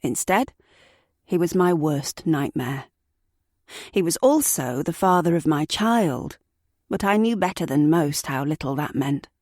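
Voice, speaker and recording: Woman narrator, low-pitched, very slow and measured, dry close sound, true crime audiobook. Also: lively intonation, darkish tone, no room sound. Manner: slow, measured, sombre reading.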